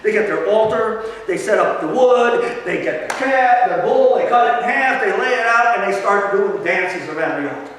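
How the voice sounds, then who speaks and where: A man preaching a sermon as a pastor, telling the story with animated swings between quiet asides and loud emphasis. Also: sits high, moderate pace, few pauses, slight background noise. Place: church sanctuary. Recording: echoey church hall from far off.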